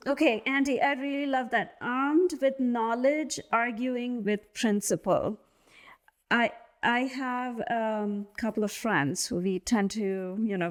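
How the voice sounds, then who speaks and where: A woman hosting a podcast interview, enthusiastic and casual, her talk full of likes and restarts. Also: mid-range voice. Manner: enthusiastic, casual, many "like" fillers. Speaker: podcast host. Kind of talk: conversational interview.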